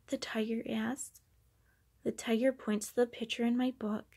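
A woman reading a children's picture book aloud, acting out the sound effects with animated delivery. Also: on the high side, moderate pace, husky. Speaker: storybook reader.

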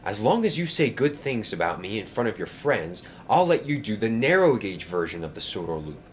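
A man's voice: fairly low pitch, very animated, a little fast, a little hiss or hum. A man voicing a boastful, smug, grand silver male engine in a toy-train story. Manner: pompous, smug.

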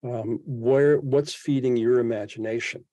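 A man's voice: medium pitch, fairly even intonation, measured pace, warm tone, no echo. A man in his seventies, a podcast guest speaking reflectively in an interview and thinking aloud with frequent restarts. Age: 70s. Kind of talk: interview conversation.

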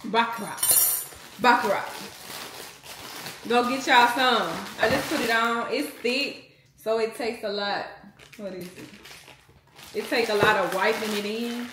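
A woman in her thirties talks casually and directly to her viewers, as if catching up with friends. Her voice rings in an echoey home kitchen, with the clatter of dishes clearly heard behind her. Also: on the high side, measured pace, noisy background. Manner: chatty, talks straight to viewers as "y'all". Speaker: vlogger. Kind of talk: casual vlog chat.

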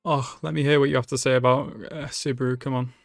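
A man's voice: medium pitch, little pitch movement, fast, gravelly, no echo, studio quality. A man giving emotional live reaction commentary on an anime, swearing freely and talking back to the screen. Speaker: anime reaction channel host.

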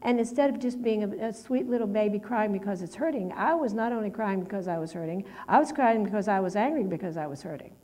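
A woman's voice: mid-range voice, expressive, fast talker, few pauses, dark tone. Rambling middle-aged woman preacher. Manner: conversational, rambling with many restarts and fillers. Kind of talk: personal testimony sermon.

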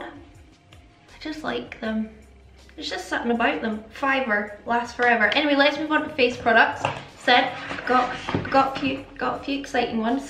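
A beauty vlogger with a high, fairly bright voice chats casually through a makeup tutorial at her home makeup setup, rambling and self-aware. The room is echoey, with faint music in the background.

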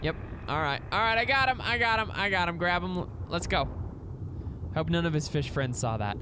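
An excitable man narrates his video game play, talking to his tamed animals and swinging from low mutters up to high, gleeful yelps. His voice leaps around constantly, and the recording carries a clear layer of noise and game sound underneath. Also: moderate pace. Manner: excitable, squeals and shouts at in-game pets. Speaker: let's play gamer. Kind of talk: gameplay commentary.

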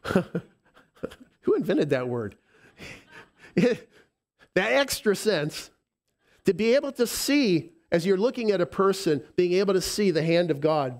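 A man preaching a sermon as pastor, speaking with a lisp, emotional and halting with frequent restarts, moving between soft tender moments and emphatic declarations. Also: high-pitched.

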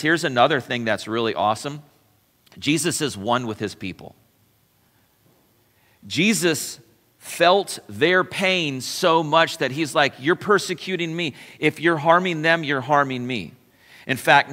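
A bright, forceful male pastor preaching in a loose, conversational way, stopping to correct himself and slipping into the voices of the people he quotes. His voice rings out through a church sanctuary with a long echo trailing behind it. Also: medium pitch. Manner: chatty, self-correcting, acts out quoted voices. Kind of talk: conversational sermon.

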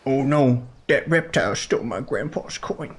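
A man's voice: mid-range voice, lively intonation, moderate pace. A man giving casual let's play commentary, joking and talking back to the game.

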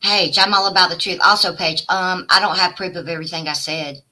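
A woman, live streaming a profane, taunting rant at a rival, swinging from shouted demands to low mutters. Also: fairly even intonation, fairly quick, few pauses, poor audio. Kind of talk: confrontational livestream rant.

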